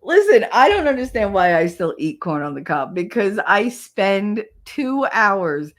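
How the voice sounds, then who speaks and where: A woman's voice: medium pitch, very animated, measured pace. A woman hosting a podcast, telling stories in a blunt, profane, casual way and laughing often. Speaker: podcast host. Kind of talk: casual solo chat.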